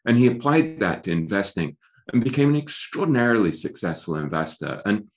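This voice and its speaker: A man's voice: lowish voice, sing-song, a little fast. A middle-aged man speaking as an author in an interview, thoughtful and given to restarting his sentences. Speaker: author guest. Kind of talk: interview conversation.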